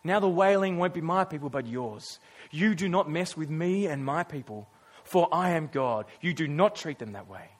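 A man's voice: a little high, lively intonation, normal speed, few pauses. A man voicing God in a sermon, solemn and commanding as he pronounces judgment. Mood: stern. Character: stern, wrathful God declaring judgment.

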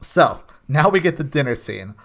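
A man co-hosting a podcast, talking through an episode in a loose, rambling way. He stops and restarts often and leans on filler words. His voice sits at an average pitch for a man. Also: sing-song, normal speed, gravelly, fairly bright tone. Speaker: podcast co-host. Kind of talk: casual chat.

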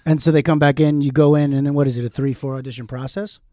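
A man's voice: fairly high pitch, steady tone, mellow, dry recording, studio quality. A man hosting a casual interview, joking and swearing easily as he asks questions. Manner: joking, profane, laughs a lot, quick interjections. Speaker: podcast host.

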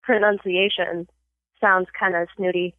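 A woman's voice: on the low side, little pitch movement, measured pace, dry recording. A woman in casual chat, quizzing her friend and giving short verdicts between giggles. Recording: tinny phone-line call.

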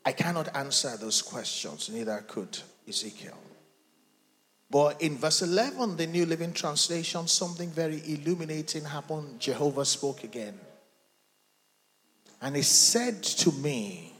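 A man preaches in a slow, deliberate sermon, his fairly high voice swinging widely between quiet lows and soaring emphatic peaks. He draws the congregation into call-and-response. The sound carries the long reverb of a large church hall. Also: expressive. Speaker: pastor.

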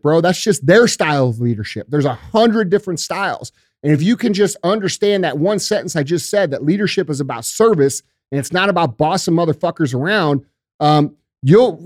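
A fiery, profane man holds forth on a podcast in casual slang, calling everyone bro and dude. His voice sits a bit high for a man and sounds close and dry, with no room around it. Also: animated, fairly quick, no echo. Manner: calls people bro and dude. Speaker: podcast guest.

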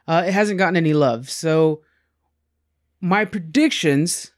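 A man's voice: a little high, measured pace. A man co-hosting a casual gaming chat, laid-back and slangy, explaining things to listeners. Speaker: podcast co-host.

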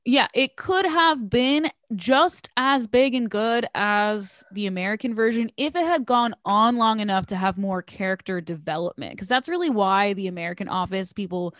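A woman chatting casually, jumping up in pitch for quoted voices and trailing off softly. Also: normal speed, hardly any pauses, no room sound, studio quality. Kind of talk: casual chat about TV shows.

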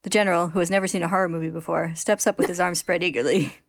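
Low-voiced woman doing a snarky manga recap, dry close sound, no room. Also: steady tone, very fast, hardly any pauses, no room sound. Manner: wry, sarcastic storytelling with frequent laughs. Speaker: podcast host recapping a manga. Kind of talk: casual recap narration.

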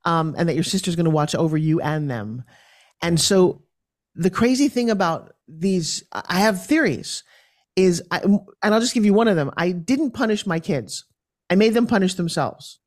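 This is a woman in her fifties speaking as a guest on an interview show. She talks in an animated, storytelling way, jumping up and down in pitch as she voices the people in her anecdotes. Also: moderate pace. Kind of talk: conversational storytelling.

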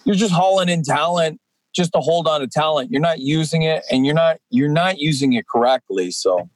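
40s wrestler guy chatting on a podcast, kinda high voice, dry mic, rambly with lots of restarts. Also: animated, moderate pace, dry recording, low-quality recording. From Atlantic Canada. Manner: rambling, many fillers and restarts. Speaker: podcast guest, professional wrestler. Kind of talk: casual podcast chat.

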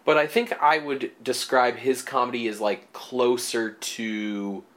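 A man's voice: mid-range voice, fairly even intonation, measured pace, a bit bright. A man co-hosting a casual movie podcast, talking in rambling stretches full of fillers and restarts. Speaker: podcast co-host. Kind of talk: casual movie review chat.

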